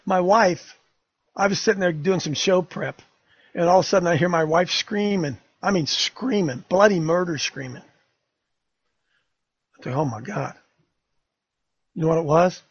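A man's voice: sits high, moderate pace, pauses often, husky, no echo, muffled recording. An older man hosting a talk radio show, fiery, emphatic and rambling.

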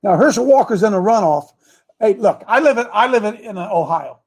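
A man's voice: high-pitched, expressive, brisk, a little mellow, breathy edge. A man preaching a sermon that mixes in politics. He calls for amens, repeats himself, and speaks straight to people in the room. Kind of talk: sermon mixed with political talk.

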